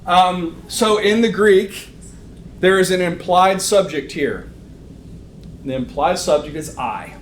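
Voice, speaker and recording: Man, church Bible teacher, conversational, frequent ums, slightly high voice, roomy echo, faint background hum. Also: slow pace. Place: church classroom with a live audience.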